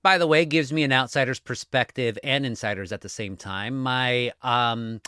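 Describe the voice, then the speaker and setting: A man from Southern California, a newspaper columnist, talking as a guest in a casual podcast conversation with a wry, animated, self-deprecating manner. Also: medium pitch, moderate pace, clean tone, dry recording, clean studio sound.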